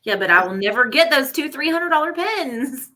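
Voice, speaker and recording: Bright-voiced woman chatting easily. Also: sits high, expressive, normal speed. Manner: easygoing, agreeable, laughs along. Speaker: guest on a live stream. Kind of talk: casual chat.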